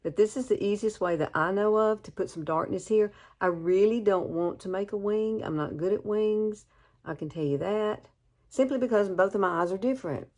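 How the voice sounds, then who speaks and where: A woman's voice: mid-range voice, normal speed, darkish tone. A woman in her fifties from Alabama with a Southern accent, chatting folksily through a makeup tutorial and calling the viewer girl. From Alabama, USA. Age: 50s. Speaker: beauty vlogger.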